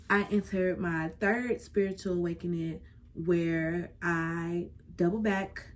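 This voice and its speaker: A woman's voice: fairly low pitch, darkish tone, a little hiss or hum. A young woman in her twenties hosting a podcast, talking candidly and casually about her life, with slangy, heartfelt phrasing. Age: 20s. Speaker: podcast host. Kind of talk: candid personal talk.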